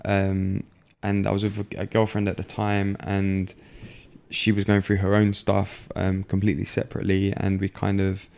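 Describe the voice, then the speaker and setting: A young man, telling a personal story as an interview guest in a halting way, full of fillers and restarts. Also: sits low, monotone, vocal fry, a little mellow.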